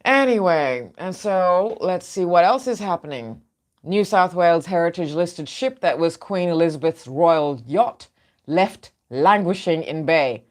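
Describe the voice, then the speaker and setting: A woman's voice: on the low side, animated, a little slow, darkish tone. A woman hosting an opinionated news show, outspoken and sarcastic in her asides.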